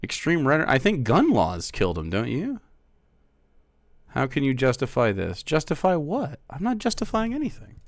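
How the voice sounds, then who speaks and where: A man's voice: mid-range voice, huge pitch swings, normal speed, no room sound, clean studio sound. A male streamer in casual live-stream chat, sarcastic and mocking as he argues with viewers.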